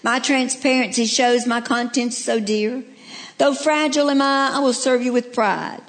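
A woman's voice: fairly high pitch, steady tone, moderate pace, voice pushed up, natural voice. A woman voicing a fragile, proud crystal goblet in a sermon poem.

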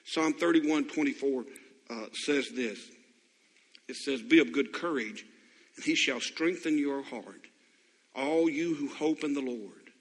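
A man's voice: medium pitch, unhurried, long reverb tail. A man preaching a sermon as pastor, questioning his congregation and building to impassioned appeals.

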